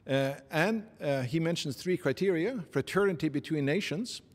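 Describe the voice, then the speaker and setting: A man with a Norwegian accent giving formal interview answers in a halting, measured way, with many pauses and fillers. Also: on the high side, expressive. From Norway. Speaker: interviewee, committee secretary. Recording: long reverb.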